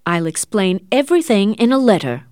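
Cold, curt young suitor in a storybook, read plainly by a female narrator; mid-pitched and dry. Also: big pitch swings, normal speed, darkish tone, clean tone, dry recording, lightly acted. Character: cold, calculating young man.

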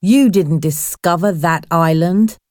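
A woman's voice: lowish voice, takes it slowly, darkish tone, dry recording, clean studio sound. A woman voicing a weary, stubborn young man who argues bluntly with ghosts. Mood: tired.

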